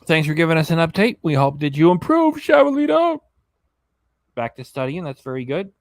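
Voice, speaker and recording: A man's voice: on the high side, very animated, quick pace, dry recording, studio quality. A tired man casually chatting on a live stream, reading chat messages aloud and stumbling over names as he goes. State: tired, yawning. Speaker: reaction channel host reading live chat.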